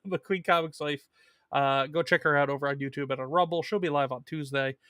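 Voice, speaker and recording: A man's voice: a little high, brisk, pushed and bright, no echo, clean studio sound. A man hosting a casual live stream about comic books, chatting loosely and reading viewer messages, with plenty of fillers and restarts.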